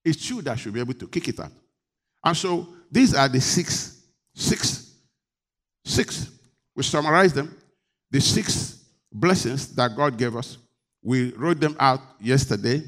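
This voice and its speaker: A man's voice: medium pitch, lively intonation, measured pace, pauses often, a bit bright. A man preaching a sermon, leading the congregation in call-and-response and rising to emphatic declarations. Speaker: pastor.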